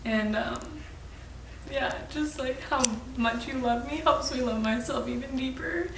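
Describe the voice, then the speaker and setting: A woman's voice: high-pitched, unhurried. Gushing woman in an echoey room. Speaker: friend giving a birthday toast. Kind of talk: emotional casual chat. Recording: echoey room, far mic, background noise.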